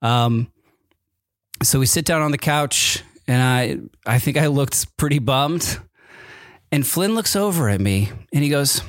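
A man with a mid-range voice hosts a podcast, slowly telling a personal story in a rambling, casual way full of fillers and restarts. The studio-quality audio has no room sound, recorded on a microphone with camera.

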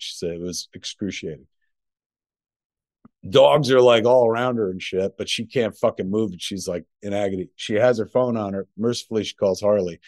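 Low-voiced man telling a profane story. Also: moderate pace, darkish tone, dry recording, clean studio sound. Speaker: podcast co-host. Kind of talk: casual chat. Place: home.

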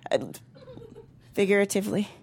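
A woman's voice: mid-range voice, moderate pace. A woman in her thirties doing a brash, profane stand-up comedy set. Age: 30s. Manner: brash, profane, animated with voiced impressions.

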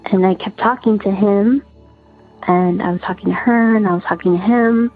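A woman caller telling a personal story in an earnest, halting, repetitive way over the phone. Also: mid-range voice, steady tone, breathy edge. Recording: tinny phone line with faint music.

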